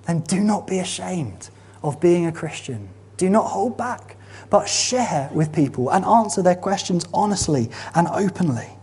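A man preaching a sermon, earnest and emphatic, building to animated exhortation. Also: high voice, measured pace, husky.

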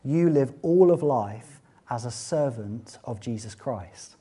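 A man preaching a sermon, swinging between loud, fervent exclamations and quiet, conversational asides. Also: medium pitch, lively intonation, measured pace, few pauses, slightly rough. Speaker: pastor.

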